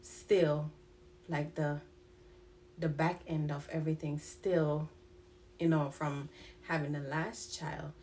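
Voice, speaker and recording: A young woman with a slightly lowered voice talks straight to her viewers in a personal vlog. She is frank and animated, leaning into her points as she goes. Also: slight background noise. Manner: frank, animated, mimics others in quoted asides. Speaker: vlogger. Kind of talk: candid personal vlog talk.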